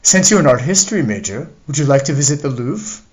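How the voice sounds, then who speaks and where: A man's voice: medium pitch, very animated, fast, voice pushed up, close to an everyday voice. A man reading the lines of an earnest young American man traveling before college, in an audiobook.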